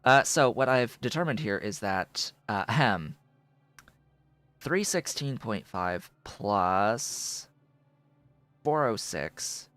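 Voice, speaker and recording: A man streaming a game, explaining its mechanics out loud in casual commentary, thinking through them with fillers as he goes. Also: lively intonation, takes it slowly, long pauses, smooth, no room sound. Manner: coos to his cat in a soft high voice between explanations.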